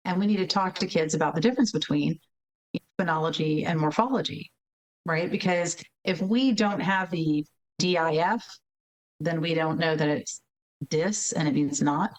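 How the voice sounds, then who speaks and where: Woman guest, animated explainer, slightly low voice, acts out kids. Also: normal speed, low-quality recording. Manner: frequent tag questions, laughs while explaining. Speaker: interview guest, learning center director. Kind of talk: casual interview talk.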